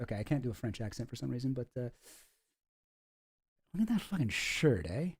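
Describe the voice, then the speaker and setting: A man's voice: medium pitch, lively intonation, brisk, long pauses, a little mellow, breathy edge. A man giving casual, sarcastic commentary on photos, rambling and swearing freely. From Canada. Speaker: online commentator.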